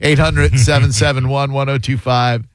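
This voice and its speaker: A man hosting a call-in talk radio show, joking and bantering quickly with callers. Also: medium pitch, steady tone, no echo. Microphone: studio microphone.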